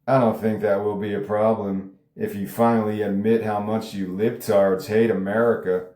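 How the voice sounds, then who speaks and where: A man's voice: fairly low pitch, little pitch movement, moderate pace, mellow, lightly acted. A man reading a brash, combative female conservative pundit in a script table read, with snide delivery. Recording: roomy echo.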